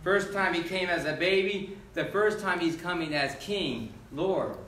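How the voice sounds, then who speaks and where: Bright-voiced pastor preaching in an echoey church. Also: male voice, high-pitched, unhurried. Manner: emphatic preaching with call-and-response. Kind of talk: sermon. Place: church sanctuary. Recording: echoey church from far off with faint noise.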